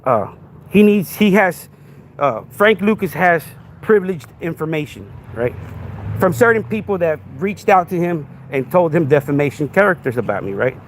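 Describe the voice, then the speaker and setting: Confrontational man with lively pitch. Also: moderate pace, slight background noise. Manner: confrontational, crude, keeps asking "right?". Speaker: podcast host. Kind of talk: livestream rant.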